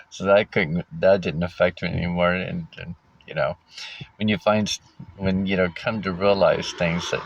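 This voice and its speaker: A deep-voiced man with a steady, creaky tone tells his own story casually but haltingly, with frequent fillers, restarts, and wry laughs. The recording sounds dull and lo-fi.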